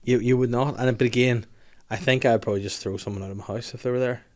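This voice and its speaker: A man's voice: medium pitch, steady tone, fast talker. Middle-aged man rambling through a story. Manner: rambling storyteller, acts out quoted voices. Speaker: podcast host. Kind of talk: casual comedic chat.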